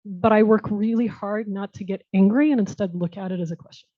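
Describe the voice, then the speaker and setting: Woman, leadership talk speaker, frank and reflective, warm mellow tone, slightly lo-fi. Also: medium pitch, steady tone, fairly quick, no room sound. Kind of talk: candid conference talk.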